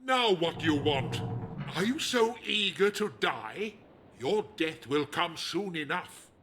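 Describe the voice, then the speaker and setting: Serstan, a slow, pompous cult tyrant. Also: male voice, on the high side, big pitch swings, noisy background. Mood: menacing. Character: arrogant megalomaniac male leader of a druid order. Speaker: game villain. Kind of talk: video game voice acting.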